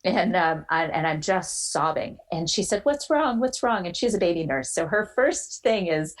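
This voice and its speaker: Animated woman telling a personal story. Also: fairly low pitch, normal speed, rough recording. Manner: animated storyteller, acts out quoted voices. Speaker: guest.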